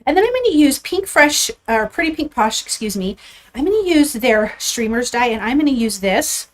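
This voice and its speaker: A woman with a slightly raised voice hosts a live card-making stream from her craft table. She chats casually and warmly with viewers as she handles supplies. She sounds a little out of breath. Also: high-pitched, big pitch swings, normal speed. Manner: chatty and upbeat, talks to viewers while handling supplies. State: a bit out of breath.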